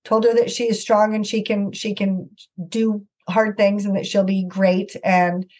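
A middle-aged woman guest recounting a personal story with earnest animation, often slipping into the voices of the people involved. Her voice has a slightly husky, breathy edge. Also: medium pitch, a little slow. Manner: earnest, animated anecdote-telling with acted-out quotes. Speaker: author and guest. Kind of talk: conversational storytelling.

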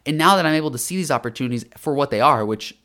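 A man's voice: medium pitch, lively intonation, rapid-fire, bright, forceful tone. A man hosting a motivational monologue, talking energetically with emphasis and many fillers and restarts.

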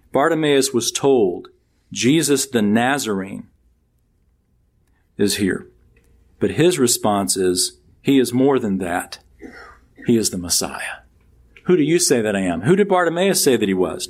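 Male pastor, mid-pitched, preaching a sermon, emphatic pitch swings. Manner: preaches with lively pitch swings, reading scripture aloud.

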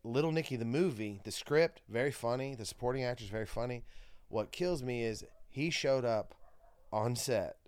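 A man in casual chat among friends, talking in an animated, rambling way with lots of fillers, restarts and swearing. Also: mid-range voice, moderate pace, clear, resonant tone, no room sound.

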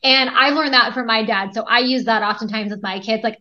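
Woman guest on a podcast, bright edgy voice, kinda higher pitch, muffled lo-fi sound. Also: a little fast, hardly any pauses. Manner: energetic, storytelling with quoted dialogue. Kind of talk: conversational interview. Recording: dull lo-fi audio.

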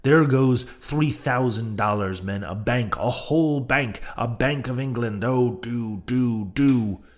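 A giddy, frantic young whaler, pleading and crowing in a rush, as a man reads him aloud. The base voice is low, lifted into eager, breathless cries. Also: expressive, unhurried, darkish tone. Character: excitable frantic young male whaling mate. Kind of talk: audiobook character voice.

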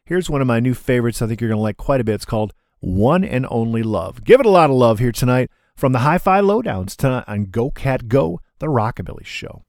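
A man's voice: mid-range voice, animated, fairly quick, hardly any pauses, a little mellow, no echo. Laid-back male radio DJ, dry mic. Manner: laid-back, chatty, calls listeners "man". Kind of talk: radio show patter.

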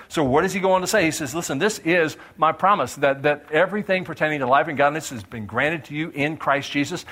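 A man preaching a sermon, shifting between lively teaching and lowered, voiced quotes. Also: fast, hardly any pauses. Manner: animated preacher, voicing God and doubters in lowered tones. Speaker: pastor.

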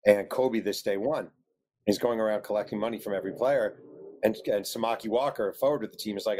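Male author, lowish voice, animated storyteller who acts out quotes. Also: quick pace. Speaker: author guest. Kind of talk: telling a story in an interview.

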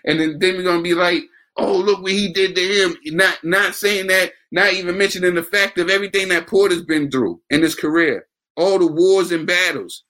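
A man's voice: sits high, fairly quick, bright, forceful tone. A man co-hosting a casual boxing talk show, ranting with passion and repeating himself. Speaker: podcast co-host.

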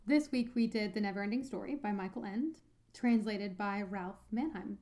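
A woman co-hosting a book podcast in casual chat, halting and full of fillers. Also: medium pitch, warm tone. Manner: chatty, halting, many fillers and restarts. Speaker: podcast co-host.

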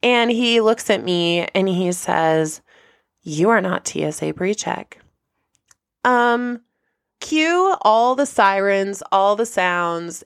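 A woman hosting a podcast, telling a personal story in a lively way and acting out the people she quotes. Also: unhurried, no echo, studio quality. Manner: animated, acts out quoted people with big pitch jumps. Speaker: podcast host.

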